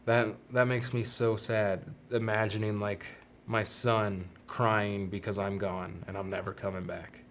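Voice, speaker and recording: A man hosting a solo podcast, talking earnestly and haltingly about fatherhood and fear of death, often restarting his sentences. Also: on the low side, level tone, a bit bright, slight background noise. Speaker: podcast host. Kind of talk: reflective solo podcast monologue.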